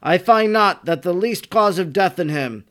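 A man's voice: high voice, lively intonation, normal speed, fairly bright tone. A man reading as a wavering Roman governor, raised and pleading. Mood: protesting.

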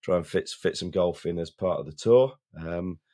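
A man's voice: low voice, normal speed, mellow. A man, co-hosting a podcast while he has a cold, chatting and often repeating words as he starts a sentence. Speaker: podcast co-host. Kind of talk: casual chat.

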